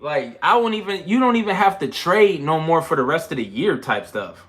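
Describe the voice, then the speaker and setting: A young man talks through a casual trading livestream, loose and slangy. He sounds winded, and his voice sits a bit high with a bright, forceful edge. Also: normal speed. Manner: loose, slangy and animated, counting push-ups between chart talk. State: out of breath. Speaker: trading channel host.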